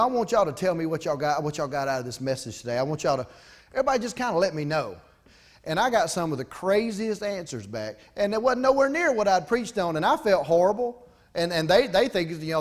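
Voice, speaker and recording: Folksy preacher man, fairly high voice. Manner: folksy, conversational preaching with asides to the congregation. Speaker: pastor. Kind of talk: sermon.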